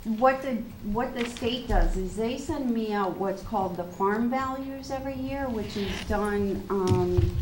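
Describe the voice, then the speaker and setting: Hoarse woman assessor walking a board through the figures, patient and plain, with faint room noise behind her. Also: medium pitch. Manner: plain, step-by-step explaining. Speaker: town assessor. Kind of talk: explaining at a public meeting. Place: town hall meeting room.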